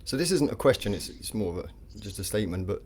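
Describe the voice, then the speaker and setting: A man's voice: fairly low pitch, very animated, fast talker, a little mellow, slight background noise. A man on a casual live-stream chat, asking a question in a hesitant, rambling way with many fillers.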